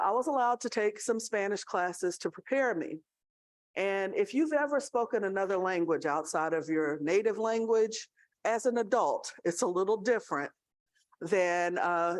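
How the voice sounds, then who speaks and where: A woman's voice: mid-range voice, no room sound. A woman with a Southern American accent giving a conversational speech at a staff awards gathering, telling a story and checking in with her audience. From Tennessee, USA. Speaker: college student affairs leader.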